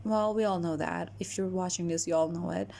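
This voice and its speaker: A young adult woman talking casually to camera as a vlogger, chatty and animated, with lots of fillers and restarts. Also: lowish voice, brisk, vocal fry.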